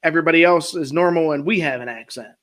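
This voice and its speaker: A man with a Maryland accent chats casually on a podcast, his voice sitting a touch higher than most men's. He tells his stories slowly, stretching out pauses and letting his sentences trail off quietly. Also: a crowd in the background, rough recording. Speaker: podcast host. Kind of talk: casual chat.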